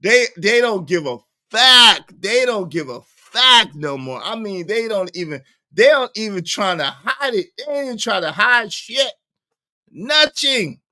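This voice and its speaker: Animated man with lively swooping pitch. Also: unhurried, no echo, clean studio sound. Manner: animated, profane, laughing, emphatic repetitions. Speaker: livestream commentator. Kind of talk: casual reaction commentary.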